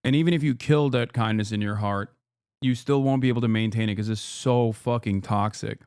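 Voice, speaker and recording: A man's voice: fairly low pitch, fairly quick, a little mellow, clean tone, no room sound, clean studio sound. A man streaming and reacting to clips in casual commentary, blunt and profane, rambling with many fillers. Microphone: streaming microphone with noise gate.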